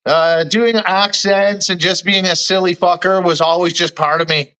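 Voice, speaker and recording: A man's voice: sits high, fairly even intonation, normal speed, sharp tone, low-quality recording. A man from Canada co-hosting a casual video chat, easygoing and playful when he tells stories. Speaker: co-host.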